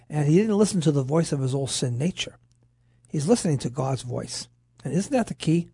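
A man's voice: on the high side, moderate pace, vocal fry, husky, dry recording, clean studio sound. A man co-hosting a Christian radio talk show, teaching animatedly from scripture. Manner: animated preaching, quotes voices of scripture. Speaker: radio co-host, pastor.

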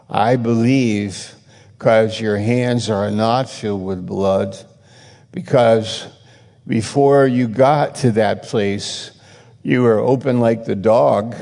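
A male preacher delivers a sermon in a slow, deliberate cadence, his voice gravelly and worn. He hammers his points home through repeated, emphatic rebukes. The sound carries a long reverb, as if spoken in a large hall. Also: fairly low pitch, a little mellow. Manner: emphatic, repetitive rebukes with rising intensity.

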